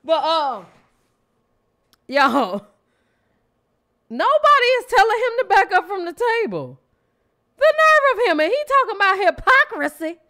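A woman in casual reaction chat roasts her target in a loud, sassy, mocking way. Her voice is high and bright. She swoops all over her range. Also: very animated, normal speed.

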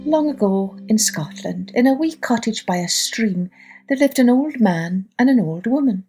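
A woman storyteller hosting a children's podcast, reading a folk tale aloud with great expression. Her voice rises and falls freely, and faint music plays softly behind her. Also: on the high side, moderate pace. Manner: lively, expressive read-aloud.

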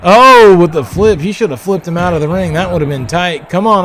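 A man hosting a livestream, giving excited, profane play-by-play wrestling commentary with loud calls. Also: high voice, brisk, hardly any pauses. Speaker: livestream host.

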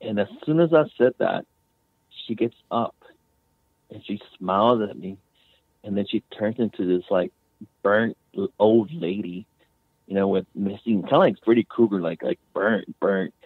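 A man's voice: fairly low pitch, moderate pace, husky, no room sound. A man, a guest author, telling a personal story in a rambling way, restarting often and leaning on "you know" and "man.". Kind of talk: casual storytelling. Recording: phone-like remote line.

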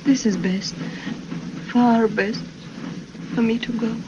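Fragile young woman, breathless and pleading, high voice, dull old film audio with hiss. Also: steady tone, slow. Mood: fading. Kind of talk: 1930s film acting.

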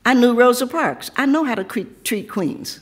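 Hoarse 70ish author lady, lost her voice, reads a poem then jokes around with lots of laughs. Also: on the high side, animated, moderate pace. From Tennessee. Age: 70s. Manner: laughing, chatty asides. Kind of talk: poetry reading then casual talk.

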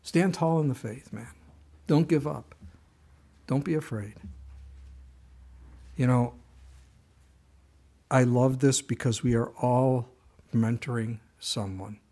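An older man delivers a sermon in a relaxed, conversational way. His voice sits at an everyday middle pitch, and he often restarts a thought or drops in a quick aside before moving on. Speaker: pastor.

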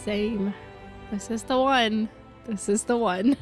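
A podcast co-host talking casually over a remote mic, supportive and quick to laugh. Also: mid-range voice, steady tone, soft background music.

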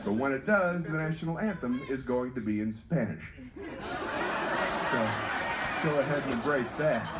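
A man's voice: medium pitch, moderate pace, long pauses, very noisy. A man from North Carolina doing stand-up comedy and playful crowd work.

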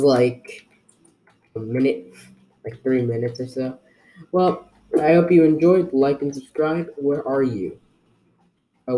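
A young man chats his way through a game in a slow, easygoing drawl, joking with viewers in a put-on accent he can't place. His tone is dark and mellow, never sharp. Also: medium pitch. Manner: rambling, jokey, talks to viewers while playing; put-on unplaced accent for fun. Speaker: gaming video creator. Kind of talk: casual gameplay commentary.

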